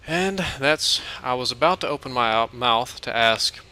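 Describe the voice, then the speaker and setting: A man casually narrating a long dream, with a very bright, cutting tone. He rambles with fillers, restarts and laughs as he goes. A faint hiss sits behind him. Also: medium pitch, a little slow, hardly any pauses. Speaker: gaming channel host.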